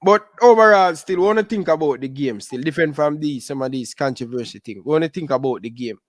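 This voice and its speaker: A man's voice: fairly high pitch, brisk, dry recording. A man with a Jamaican accent chatting about a football match in laid-back patois. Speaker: football fan pundit. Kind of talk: post-match reaction chat.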